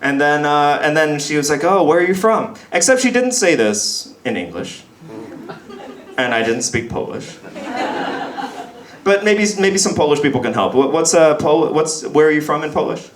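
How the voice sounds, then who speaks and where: A man's voice: on the high side, lively intonation, moderate pace, echoey room, slight background noise. An American man doing a stand-up comedy set in a pub, chatty and self-deprecating, often acting out other people's voices. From United States.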